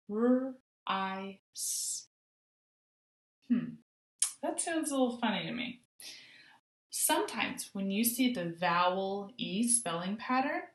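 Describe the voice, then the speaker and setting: A woman teaching a phonics lesson to young children, sounding out letters slowly and praising often. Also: mid-range voice, echoey room. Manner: encouraging, sing-song praise, slow sounding out of letters. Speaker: kindergarten teacher.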